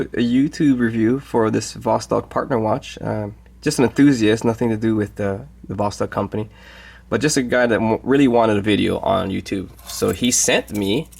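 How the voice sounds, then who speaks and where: A man with a low, gravelly voice hosts a casual watch review vlog. He talks in an easygoing way and stops often on fillers. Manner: easygoing, halting with many fillers.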